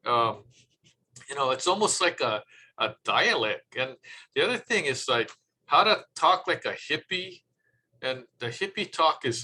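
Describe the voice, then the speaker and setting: A man's voice: mid-range voice, moderate pace, a little hiss or hum, low-quality recording. Chatty man giving speaking tips. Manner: relaxed, chatty, acts out quotes. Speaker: presenter. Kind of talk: public speaking talk.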